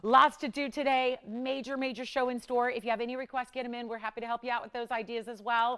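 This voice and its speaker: A woman's voice: fairly high pitch, steady tone, fast talker, bright, forceful tone, smooth. Upbeat woman hosting live shopping. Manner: enthusiastic, repeats words for emphasis. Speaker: jewelry shopping host. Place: TV studio.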